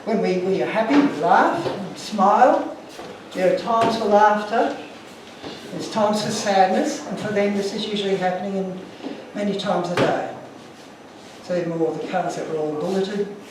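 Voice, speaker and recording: A man's voice: sits high, heavy reverb, recorded from a distance, background noise. A man giving an earnest, emotional talk to an audience, telling stories from his slides. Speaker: guest speaker.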